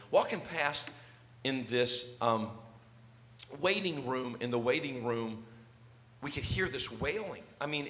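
A middle-aged man preaching a sermon, telling a story and swinging from loud calls to hushed words. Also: mid-range voice. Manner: animated, swings from shouting to near whisper. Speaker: pastor. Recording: long hall reverb.

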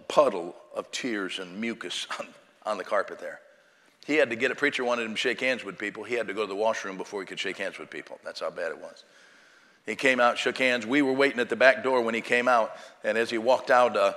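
A man's voice: fairly low pitch, bright, forceful tone. A man preaching as an evangelist, telling a personal story in a folksy, conversational way with frequent fillers. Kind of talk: sermon storytelling. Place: church auditorium. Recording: long hall reverb.

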